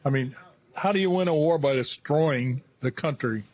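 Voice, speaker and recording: A man who is an Air Force veteran, answering a reporter bluntly and haltingly. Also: mid-range voice, a little mellow. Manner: blunt, halting, restarting phrases. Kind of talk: news interview answers.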